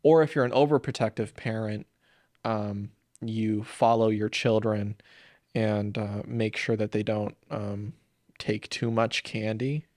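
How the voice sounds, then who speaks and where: A man's voice: lowish voice, steady tone, a little slow, a little mellow, dry recording, clean studio sound. A young man, hosting a crude, rambling comedy podcast, filled with ums, who slips into silly voices for jokes. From Saint Paul, Minnesota. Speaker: podcast host. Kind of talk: comedic solo podcast rant.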